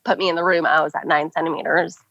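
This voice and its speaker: A woman's voice: deep voice, flat delivery, fast talker, gravelly, a bit bright. A young adult woman telling a story as a podcast guest, chatty and casual with many filler words. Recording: dull, dry podcast audio.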